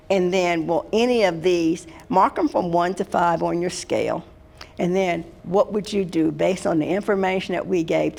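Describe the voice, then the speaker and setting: An older woman from Washington, D.C. gives a workshop on handling conflict at work, talking to the room in a folksy, no-nonsense way. Her voice sits a little low and has a gravelly edge. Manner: folksy, direct, addresses the room as "guys". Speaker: HR consultant and speaker. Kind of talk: workshop talk.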